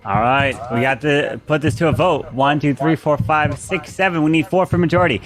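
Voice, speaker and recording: A man moderates a live party game with a slightly raised pitch. He calls out each turn and tallies hands in a steady, orderly way. Faint music plays behind him. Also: fairly quick. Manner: calls out turns and counts votes steadily.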